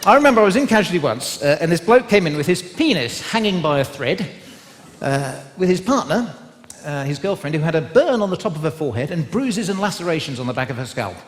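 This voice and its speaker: Lively comedian in a big theatre. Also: male voice, on the high side, a little fast. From England, West Country. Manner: chatty, teasing the crowd with tag questions. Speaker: stand-up comedian. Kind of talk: stand-up comedy to a live audience. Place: large live theatre with an audience. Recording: live hall recording with crowd. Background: audience laughter.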